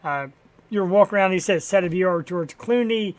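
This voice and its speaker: A man's voice: high voice, brisk. A male podcast host who jokes around and laughs often while interviewing a guest.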